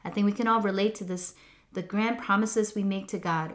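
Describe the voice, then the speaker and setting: A woman giving a scripted devotional reflection in an earnest, measured, reflective way. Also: medium pitch, fairly even intonation. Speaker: devotional speaker.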